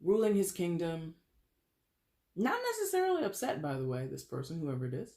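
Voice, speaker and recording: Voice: mid-range voice, very animated, a little fast, darkish tone. Tarot reader, casual reading to camera, frank, loose swearing, pop-culture asides, roomy echo.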